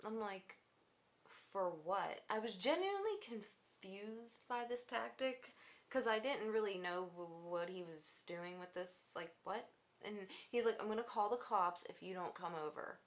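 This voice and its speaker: A woman's voice: mid-range voice, a bit bright. A young woman vlogger telling a personal story in casual chat, sarcastic and swearing a lot, full of "like" fillers.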